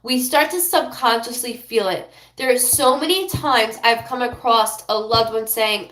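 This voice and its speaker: A woman doing a live psychic reading who rambles, apologizes often and passes on messages in quick bursts. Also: a little high, fairly bright tone, reverberant. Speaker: psychic medium.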